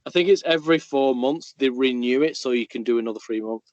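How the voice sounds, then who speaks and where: A man's voice: medium pitch, fast, darkish tone, no echo, lo-fi sound. A blunt, opinionated man in casual podcast chat. His voice sits close and dry with no room sound. He swears freely and says what he thinks. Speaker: podcast co-host.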